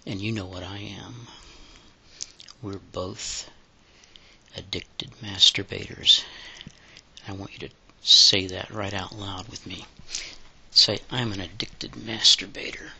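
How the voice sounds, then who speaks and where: Gravelly man, slow breathy monologue. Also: deep voice, level tone, pushed and bright. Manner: slow and deliberate, halting phrases, slipping into breathy whispers. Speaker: audio podcaster. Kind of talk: slow intimate solo monologue.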